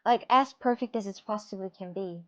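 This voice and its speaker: A woman's voice: medium pitch, fairly quick, highs cut off. A woman making clay crafts on a live stream, rambling and repeating herself as she talks to her viewers, with a lilt. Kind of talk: casual live-stream chat.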